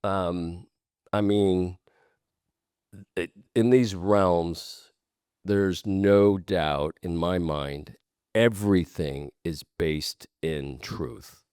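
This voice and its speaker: Deep-voiced earnest man, dry close sound. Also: very slow, a little mellow, smooth, no room sound. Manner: earnest, repeats points for emphasis, swears casually. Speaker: guest speaker. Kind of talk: candid conversation.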